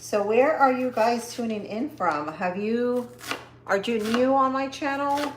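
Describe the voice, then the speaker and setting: A woman's voice: fairly high pitch, measured pace. A woman hosting a casual cooking livestream from her home kitchen, chatting upbeat with viewers while she chops. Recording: echoey kitchen with faint noise.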